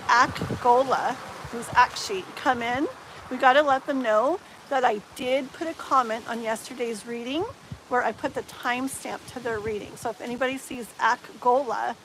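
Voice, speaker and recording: Chatty woman tarot reader, slightly high voice. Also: background noise. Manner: chatty, rambling, drops into soft murmurs. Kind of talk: casual live-stream chat.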